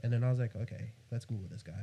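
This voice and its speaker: Guest on a chat podcast, young man from New York. Mellow voice, tells his story in an animated way. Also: medium pitch, very fast, creaky, slightly rough. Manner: animated, quotes others in a raised voice. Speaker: guest photographer. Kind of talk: casual storytelling.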